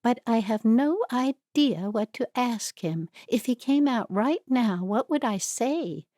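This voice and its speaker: A woman's voice: a little high, animated, slow pace, dark tone, dry recording, clean studio sound, pitched above the performer's own voice. A woman voicing an elderly Amish woman sleuth who is nervous but bold, with urgent, rising questions. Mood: worried. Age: older.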